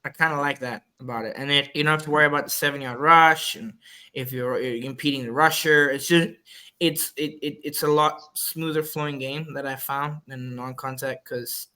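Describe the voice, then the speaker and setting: A man's voice: mid-range voice, steady tone, normal speed, bright, forceful tone. A man from the Cayman Islands, a flag football referee and podcast guest, chatting casually in a rambling storytelling way and acting out his own quoted lines.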